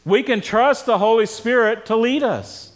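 High-voiced man preaching casually. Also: normal speed. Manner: casual, quizzes the congregation with questions. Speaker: pastor. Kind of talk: conversational sermon. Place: church service with congregation.

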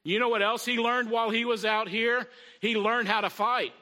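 Bright high-voiced preaching man. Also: steady tone, normal speed. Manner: conversational preaching with frequent "Amen?" call-outs. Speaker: pastor. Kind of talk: sermon.

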